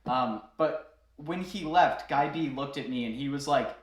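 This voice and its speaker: A man recounting a story from behind the bar in an easy, chatty way, full of fillers and quick laughs. His voice sits at an ordinary middle pitch. The sound carries a roomy echo. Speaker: bartender telling a story to viewers. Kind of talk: casual storytelling.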